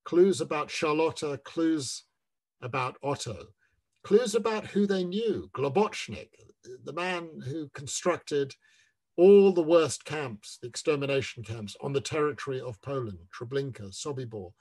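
A man talking about his book in an online discussion, measured and emphatic, leaning on words when he lists them. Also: fairly high pitch, expressive, darkish tone, husky. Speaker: author in a book talk.

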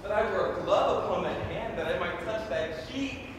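Guy doing romeo, lovesick, fairly high voice, echoey hall, far mic. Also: a little slow, background noise. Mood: yearning. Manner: rapturous declaiming, hushed asides. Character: lovestruck young man Romeo, dreamy and ardent. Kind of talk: live stage acting. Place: school building during a performance. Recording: echoey hall, distant camera.

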